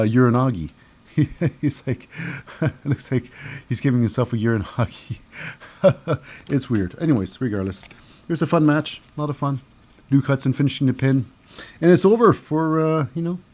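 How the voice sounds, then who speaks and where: A man's voice: medium pitch, a little mellow. A man hosting a casual wrestling recap, rambling with lots of fillers and mixing up names. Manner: rambling, many fillers and name mix-ups. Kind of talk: casual solo show recap.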